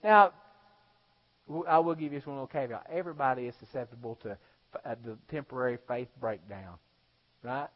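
Man, pastor, lively sermon, dull recording. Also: mid-range voice, a little fast. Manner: animated, acts out voices, shifts between loud preaching and hushed storytelling. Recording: dull lo-fi sound.

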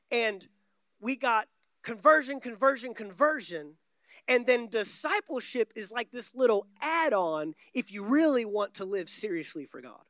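A man's voice: sits high, a bit bright, dry recording. A man preaching a sermon from a church stage, emphatic and repeating key words for stress. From United States.

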